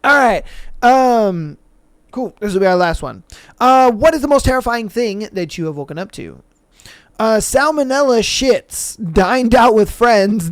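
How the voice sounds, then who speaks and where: A man's voice: high voice, smooth, dry recording. A man hosting a podcast in a casual, laid-back manner with lots of slang. He reads listener stories aloud and reacts to them. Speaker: podcast host.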